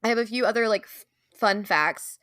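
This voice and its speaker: A woman's voice: mid-range voice, fairly quick, a bit bright, dry recording, clean studio sound. A young woman co-hosting a podcast in casual chat, enthusiastic, laughing often and using many fillers. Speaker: podcast co-host.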